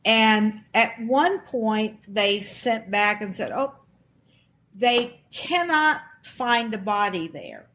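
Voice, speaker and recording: A woman's voice: medium pitch, very animated, slow pace, a bit bright. A woman in her sixties from Alabama, a guest recounting a personal story and acting out the quoted dialogue with animation. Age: 60s.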